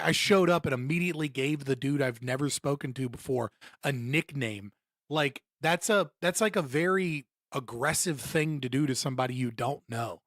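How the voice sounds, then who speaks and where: A man's voice: high voice, no room sound, clean studio sound. A young man live-streaming his reactions, ranting bluntly and mockingly with lots of swearing. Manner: blunt, profane, mocking, animated rants. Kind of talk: casual live-stream commentary.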